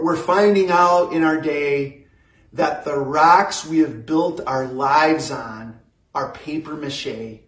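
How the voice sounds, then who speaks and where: Guy giving a sermon, slow and measured, echoey room, mic kinda far. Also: fairly high pitch. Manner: slow, measured preaching with pauses and repeated phrases. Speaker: pastor.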